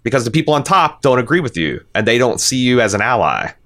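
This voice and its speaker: A man's voice: medium pitch, sing-song, quick pace, fairly bright tone. A man hosting a casual podcast discussion, talking in a rambling way with many restarts and fillers. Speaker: podcast host.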